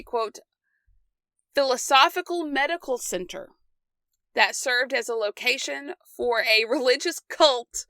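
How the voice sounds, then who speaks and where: A young woman co-hosting a casual history podcast, reading from her notes and breaking off for quick joking asides. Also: fairly high pitch, bright, forceful tone, dry recording. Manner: reads notes aloud with quick asides and laughs. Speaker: podcast co-host.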